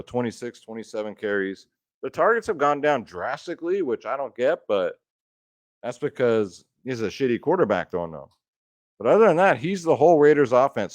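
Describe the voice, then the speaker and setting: A man's voice: medium pitch, no room sound. Casual, profane man, dry sound. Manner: loose, profane, chatty, addresses viewers as guys. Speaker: fantasy sports picks streamer. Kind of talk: casual unscripted sports picks talk.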